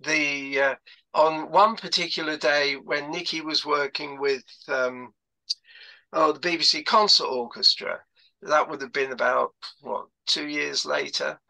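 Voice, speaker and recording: A man's voice: fairly high pitch, fairly even intonation, unhurried, gravelly, sharp tone, rough recording. An older man telling stories about his past career on a video call, rambling with lots of fillers and restarts. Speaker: guest speaker. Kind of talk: anecdotal talk on a video call.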